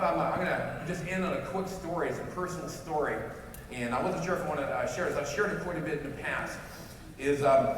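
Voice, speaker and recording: High-voiced man speaking in an echoey hall. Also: recorded from a distance, a little hiss or hum. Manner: animated, acts out both sides of a phone call, many restarts. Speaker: motivational speaker at a company event. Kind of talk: storytelling speech to a crowd. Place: large event hall.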